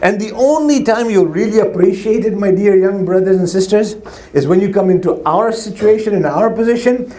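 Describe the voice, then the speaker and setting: A man's voice: high voice, normal speed, mellow. A man preaching a sermon to young people, telling stories and addressing the audience directly. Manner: storytelling, repetitive, addresses audience. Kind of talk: sermon to youth.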